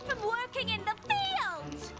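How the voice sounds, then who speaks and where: A woman's voice: very high voice, huge pitch swings, slow, over loud music, full character voice. A woman voicing a country farm pony mare in a cartoon, with a folksy drawl. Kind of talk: cartoon voice acting.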